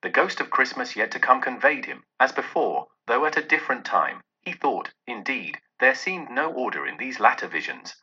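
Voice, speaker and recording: A man narrates an audiobook in a measured, expressive way. His tone is very bright and slightly husky, with lively pitch. The recording sounds dull and muffled.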